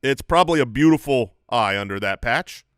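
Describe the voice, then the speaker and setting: Teasing man with a lively voice. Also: medium pitch, a little fast, smooth, no room sound, clean studio sound. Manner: teasing, ironic riffs. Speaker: podcast co-host. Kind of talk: casual comedy chat.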